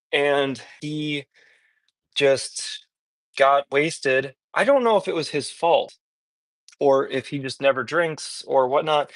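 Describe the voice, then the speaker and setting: Slow, smooth-voiced man telling a story. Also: medium pitch, fairly bright tone, no room sound. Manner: rambling, loose, full of "like" and restarts. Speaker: livestream host. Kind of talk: casual storytelling.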